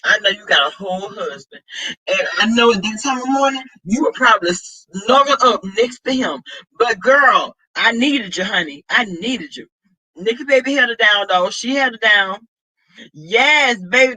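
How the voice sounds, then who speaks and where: A woman with a Southern US accent chats to her live-stream audience in a casual, dramatic way. Her voice sits high and sounds very bright and sharp. She greets viewers by name between stories. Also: poor audio. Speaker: vlogger.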